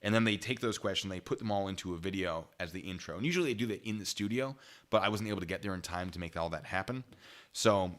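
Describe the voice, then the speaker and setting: A man's voice: deep voice, fast talker, fairly bright tone. Rambling, laughing man telling a story. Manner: rambling, laughs often, frequent restarts. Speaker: YouTube channel host. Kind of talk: casual storytelling to a live chat.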